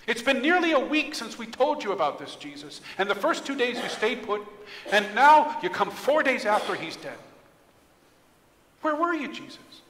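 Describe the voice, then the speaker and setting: A man's voice: fairly high pitch, expressive, brisk, vocal fry, hardly any pauses, pushed and bright, slight background noise, heavily acted. A man voicing a grieving woman who reproaches Jesus for coming too late, in a pleading, accusing tone. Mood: grieving, reproachful. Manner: pleading, accusing, raised and strained. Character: grieving grown woman, sister of the dead, reproachful. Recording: long church-hall reverb.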